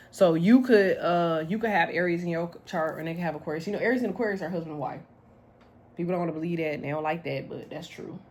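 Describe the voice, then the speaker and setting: A woman's voice: fairly low pitch, a little hiss or hum. Blunt, slangy woman reading tarot. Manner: blunt, slangy, animated, laughs often. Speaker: tarot reader. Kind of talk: casual tarot reading to camera.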